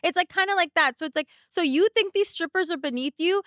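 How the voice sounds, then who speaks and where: A woman's voice: very high-pitched, fast talker, pushed and bright, dry recording, studio quality. A woman in her thirties, a podcast co-host telling stories in casual chat, blunt and full of swearing. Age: 30s. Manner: blunt, profane storytelling.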